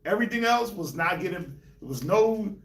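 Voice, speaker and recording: A man from New York, Colorado and Jamaica, hosting a casual group discussion, telling animated stories with laughs. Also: high voice, moderate pace. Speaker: host. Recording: echoey room, mic at a distance.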